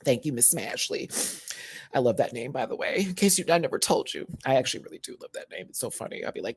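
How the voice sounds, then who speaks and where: A man with a Southern US accent chatting casually on a livestream from a hotel room, animated and full of terms of endearment. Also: medium pitch, quick pace, slightly rough, dry recording, studio quality. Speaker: YouTube host.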